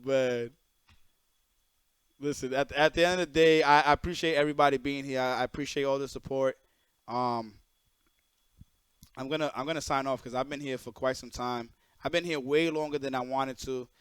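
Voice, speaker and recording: A young man streaming live, ranting bluntly and profanely in a casual, animated way. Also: fairly high pitch, smooth, dry recording. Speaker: streamer and event organizer. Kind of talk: casual livestream rant.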